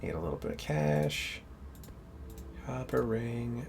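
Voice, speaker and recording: A man's voice: mid-range voice, animated, slow, vocal fry, long pauses, a little mellow, a little hiss or hum. A man developer thinking aloud while testing his game on a live stream, often laughing. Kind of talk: casual live-stream commentary while playing.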